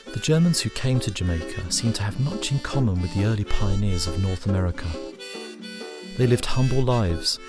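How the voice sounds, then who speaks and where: Give me a low-voiced man narrating a documentary over clear guitar and harmonica music. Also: animated, normal speed. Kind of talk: scripted narration.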